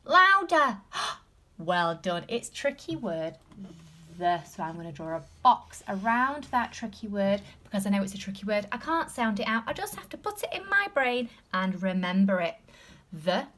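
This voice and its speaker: Animated sing-song English teacher. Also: female voice, mid-range voice. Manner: sing-song, sounding out letters slowly, encouraging; drops to a whisper at times. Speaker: reception class teacher. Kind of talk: recorded phonics lesson for young children.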